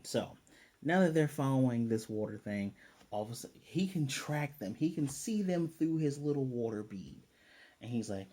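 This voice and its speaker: A young man casually recapping a cartoon episode, rambling and slipping into quick quoted asides. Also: mid-range voice, expressive, mellow. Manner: rambling, retells scenes with quick voiced asides. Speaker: anime reviewer.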